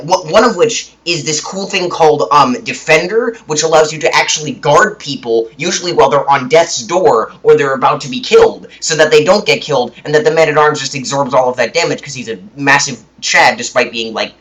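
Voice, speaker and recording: A man's voice: fairly high pitch, fairly quick, hardly any pauses, a bit bright, low-quality recording. A young man ranting about a game in a rambling way, full of restarts and mock indignation. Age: young adult. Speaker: gaming video creator. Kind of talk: ranting commentary.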